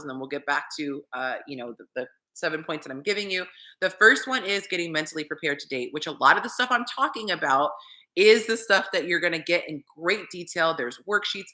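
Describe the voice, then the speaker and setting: A woman dating coach chatting casually on a livestream, animated and talking straight to her viewers. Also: on the low side.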